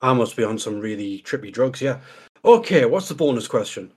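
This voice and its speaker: Husky-voiced man co-hosting a podcast. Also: mid-range voice, sing-song, a little fast, darkish tone. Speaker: podcast co-host. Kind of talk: comic podcast banter.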